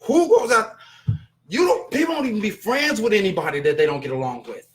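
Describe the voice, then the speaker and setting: High-voiced man ranting bluntly. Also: expressive, a little fast. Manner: blunt, profane, exasperated ranting. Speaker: show host reading chat. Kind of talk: casual live-stream commentary.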